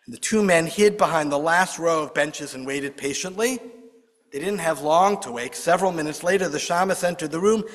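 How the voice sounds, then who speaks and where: Guy telling a folk story, kinda high voice, lively, echoing big hall. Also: brisk. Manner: expressive, voices characters with rising pitch. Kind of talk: oral storytelling. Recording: long hall reverb.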